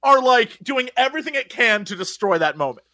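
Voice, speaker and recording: High bright guy ranting on a podcast, voice jumps all over, dry close mic. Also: fairly quick, no echo. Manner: animated, acts out quotes in mocking voices. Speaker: podcast co-host. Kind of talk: casual chat.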